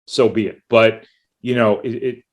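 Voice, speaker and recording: Male sports writer, low voice, measured analysis with dry wit. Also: fairly even intonation, dull audio. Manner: analytical, with occasional dry jokes. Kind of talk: sports talk show discussion.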